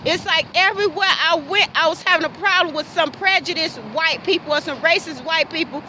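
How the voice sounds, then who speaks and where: Impassioned, very high-voiced woman. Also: fairly quick, pushed and bright, slight background noise, low-quality recording. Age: adult. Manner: impassioned, repetitive, rhetorical questions. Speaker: vlogger. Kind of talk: emotional personal monologue.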